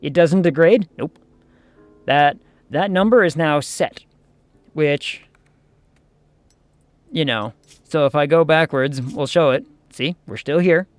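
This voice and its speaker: A man's voice: on the high side, slow pace, long pauses, no echo, soft background music. A man streaming a management game, chatting casually and thinking aloud as he plays.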